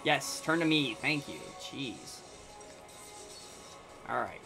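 A man's voice: medium pitch, sing-song, slow, vocal fry. A man hosting a gaming channel, giving casual let's-play commentary and thinking aloud to himself in a muttering way. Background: faint game music.

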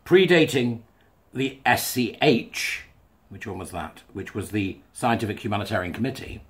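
Male commentator, husky, reads a text aloud and riffs on it casually. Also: fairly low pitch, lively intonation, normal speed. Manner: chatty, wry asides, breaks into laughs. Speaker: commentator reading a thread aloud. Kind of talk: casual monologue reading and commenting.

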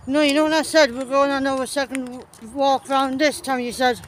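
A woman's voice: sits high, steady tone, brisk, slight background noise. An English woman filming a casual vlog on a walk in a park, chatting and teasing with her sister. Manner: chatty, teasing, laughs often. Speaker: vlogger filming. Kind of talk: casual chat. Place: park outdoors. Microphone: handheld phone camera.

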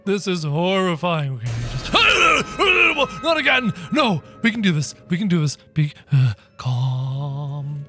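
A man narrating his gameplay in a theatrical, excitable way, yelping and shrieking at scares. His voice is high and bright, and it leaps around. Game music plays faintly behind him. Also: measured pace, few pauses. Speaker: gaming video host.

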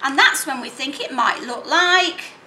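A woman teaching phonics, sounding out words slowly in separate sounds and playing with toys. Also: high-pitched. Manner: animated and playful with children's toys. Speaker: literacy teacher. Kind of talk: teaching demonstration. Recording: echoey room, faint noise.

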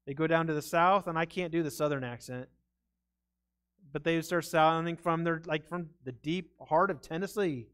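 A man's voice: on the high side, moderate pace, a bit bright, clear, resonant tone. A man preaching a sermon in a church, earnest and conversational, stumbling over his words now and then. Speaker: pastor. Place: church sanctuary.

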